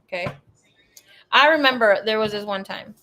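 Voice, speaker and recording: A woman's voice: medium pitch, normal speed, noisy background. A woman in her thirties, a psychic tarot reader, chatting casually and telling a story with laughs, swearing and acted-out quotes.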